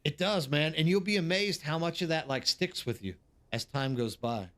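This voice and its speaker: A man in his thirties hosts a casual live stream and tells long, rambling stories to his chat. His voice sits a little high for a man. He fills his talk with "like" and often restarts his sentences. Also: normal speed, a bit bright. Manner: rambling anecdotes with many fillers and restarts. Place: living abroad in South Korea.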